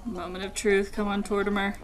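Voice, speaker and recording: A woman hosting a video game match, chatting casually with her guest, laughing easily and getting excited about the game. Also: medium pitch, fairly quick, faint music behind, low-quality recording. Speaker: host of a game versus series. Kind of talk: casual chat while playing a video game.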